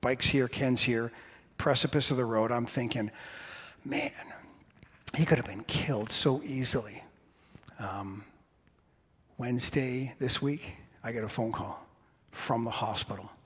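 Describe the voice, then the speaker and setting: A man's voice: medium pitch, unhurried, a bit bright, slightly rough. A pastor in his sixties telling a humorous personal story during a sermon. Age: 60s. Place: church sanctuary. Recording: long hall reverb.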